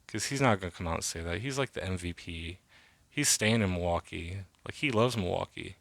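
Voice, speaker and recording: A man's voice: deep voice, brisk, vocal fry, a bit bright, no room sound. A man in his thirties hosting a casual solo podcast, rambling and swearing freely with lots of fillers. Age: 30s. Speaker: podcast host.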